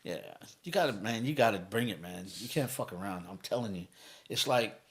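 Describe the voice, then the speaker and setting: A man's voice: on the low side, a little fast. Swearing, storytelling man on a podcast. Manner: energetic storytelling, heavy cursing, acts out quotes. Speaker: guest, motivational speaker. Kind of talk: casual podcast chat.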